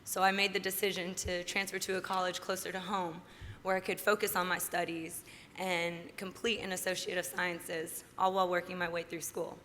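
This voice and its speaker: A bright, forceful young woman in her twenties delivers an earnest acceptance speech from a podium. Her voice carries a long reverb through a large hall, with a faint murmur of background noise. She speaks with heartfelt conviction that lifts with excitement. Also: on the low side, normal speed. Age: 20s. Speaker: award winner giving an acceptance speech.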